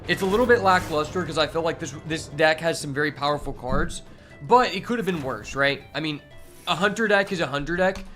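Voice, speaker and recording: Brief: male streamer, slightly high voice, excitable and foul-mouthed, chatting with viewers over faint music. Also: fairly quick. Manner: profane, excitable, talks to chat. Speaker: game streamer. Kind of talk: casual live-stream commentary while playing.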